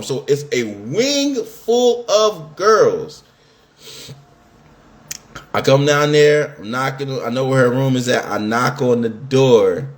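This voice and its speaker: A man hosting a podcast, telling a story in a casual, animated, slangy way and laughing often. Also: medium pitch. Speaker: podcast host.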